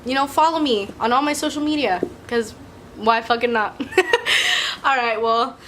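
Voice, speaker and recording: A woman's voice: on the high side, measured pace, fairly bright tone, slight background noise. A young woman vlogger telling a story in casual chat, talking freely with lots of "like" and swearing, and often laughing as she talks. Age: young adult. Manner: chatty and profane, full of "like" and "you know".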